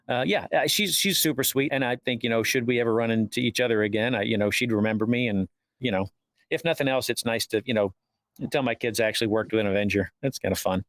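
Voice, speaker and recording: Talking fast at medium pitch, this actor guest spins stories in a relaxed interview, performing the dialogue as he tells them. His delivery is animated, with no echo on the audio.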